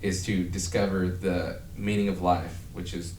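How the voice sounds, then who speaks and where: A man's voice: low voice, little pitch movement, a little slow, a little mellow, recorded from a distance, slight background noise. A man hosting a podcast, chatting casually and rambling, with frequent swearing. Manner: rambling, profane, breaks into laughter. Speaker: podcast host. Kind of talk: casual chat. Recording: echoey room.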